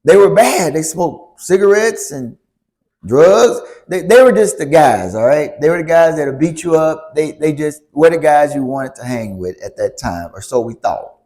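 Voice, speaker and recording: A man telling a story to a church youth group, animated, stopping to ask the audience questions. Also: a little high, moderate pace. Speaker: youth speaker.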